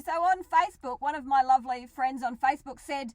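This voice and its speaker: A woman's voice: high voice, fairly quick, hardly any pauses, no room sound. A middle-aged Australian woman, a regular on a radio show, chatting casually and animatedly, laughing often.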